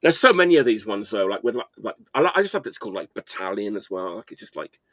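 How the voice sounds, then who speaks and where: A man's voice: fairly low pitch, big pitch swings, quick pace, a bit bright, no echo. A man hosting a podcast, chatting about records in a loose, enthusiastic way with casual swearing. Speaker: podcast host. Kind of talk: casual record-collector chat.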